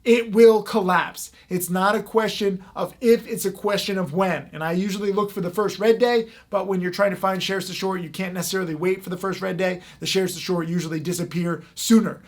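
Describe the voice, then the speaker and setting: A man talking straight to the camera as a trading educator, speaking in a fast, emphatic way with plenty of fillers. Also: high voice, fairly even intonation. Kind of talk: direct-to-camera talk.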